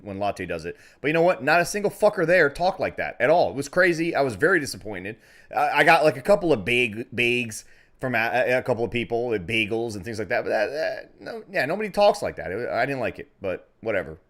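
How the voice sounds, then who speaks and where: Man, podcast co-host, rapid rowdy delivery, swears freely. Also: mid-range voice, very animated, a bit bright. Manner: fast, rowdy, profane storytelling. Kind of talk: casual podcast banter.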